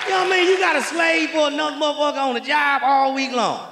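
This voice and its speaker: Brief: middle-aged male stand-up comic with a very high voice, brash and profane, live audience audible. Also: steady tone, fast talker, vocal fry. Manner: brash, profane, loud punchlines. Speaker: stand-up comedian. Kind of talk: stand-up comedy set. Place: live comedy stage before an audience. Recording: live show with crowd and noise.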